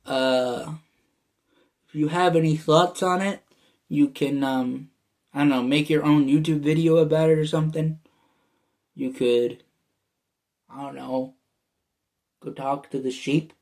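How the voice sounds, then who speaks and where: Young guy with a Michigan accent, unhurried delivery, meandering casual vlog chat. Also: a little high, steady tone, a little mellow. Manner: meandering, full of fillers and restarts. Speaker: YouTuber. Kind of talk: casual rambling vlog talk.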